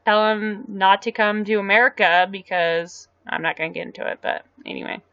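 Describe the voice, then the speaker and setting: Live-stream host, woman, mid-range pitch, casual rambling replies to chat, dry lo-fi webcam audio. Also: fairly even intonation, moderate pace, bright, forceful tone, clear, resonant tone, no echo. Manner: rambling, answering viewer comments aloud.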